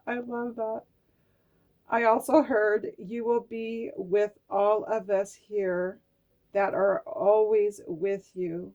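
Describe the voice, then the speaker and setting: A woman's voice: medium pitch, fairly even intonation, takes it slowly, darkish tone. A woman reading oracle cards and her own journal notes aloud, emotional and musing, now and then swearing casually. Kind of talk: slow personal reflective talk, reading aloud from cards and journal.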